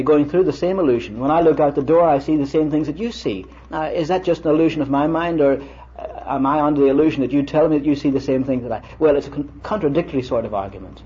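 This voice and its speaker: An older man with a fairly high, warm voice and a breathy edge delivers a lecture-style sermon to students in a lecture hall. He tells stories conversationally, quoting others in dialogue. The vintage recording is dull and lo-fi, with faint hiss.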